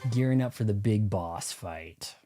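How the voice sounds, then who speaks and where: A man's voice: fairly low pitch, measured pace, warm tone. A man streaming live gameplay, rambling and cracking jokes as he plays, with game music behind him. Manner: rambling, joking asides while playing.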